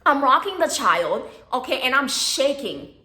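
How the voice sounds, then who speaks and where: Animated young woman telling a story. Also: high-pitched, a little slow, echoey room. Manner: animated, repeats "okay?", swears casually. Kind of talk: casual storytime monologue.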